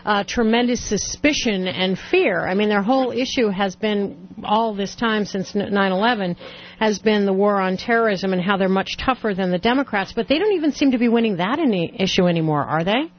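A woman's voice: mid-range voice, a little fast, lo-fi sound. A woman hosting a radio talk show, opinionated and wry, with pointed asides.

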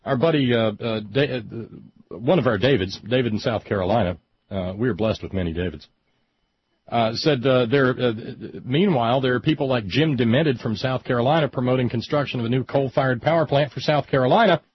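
Man, Southern American accent, sarcastic co-host, husky, muffled radio audio. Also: mid-range voice, brisk, no room sound. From West Virginia. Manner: joking, sarcastic, animated. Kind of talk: casual political chat.

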